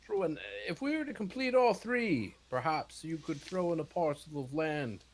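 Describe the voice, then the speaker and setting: Brief: male player in character, slightly high voice, dry wit, lots of uh. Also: expressive, dry recording, rough recording. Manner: wry and measured, many fillers. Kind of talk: in-character tabletop play.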